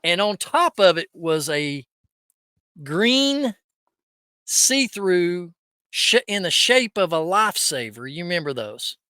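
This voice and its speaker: A middle-aged man with a high, bright, ringing voice. He jokes and tells stories with lively energy. The sound is close and dry. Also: normal speed, few pauses, smooth, dry recording. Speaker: podcast co-host. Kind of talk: casual chat.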